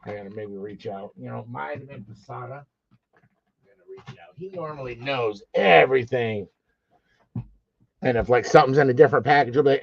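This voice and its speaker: A man's voice: medium pitch, fairly quick, vocal fry, long pauses, dull audio. A man hosting a live sports card auction stream, teasing his chat with profane jokes and calling out bids.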